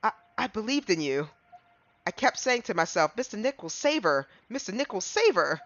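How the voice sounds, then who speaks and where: A man voicing an earnest little girl from a courtroom game, reading her lines aloud in a high, breathy voice. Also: very animated, normal speed, a bit bright, lo-fi sound, heavily acted.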